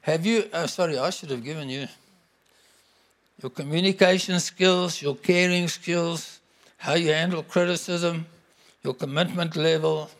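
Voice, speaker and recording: A middle-aged man preaching a sermon to a congregation, emphatic and animated. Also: on the high side, measured pace. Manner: animated, emphatic, bursts into acted-out quotes.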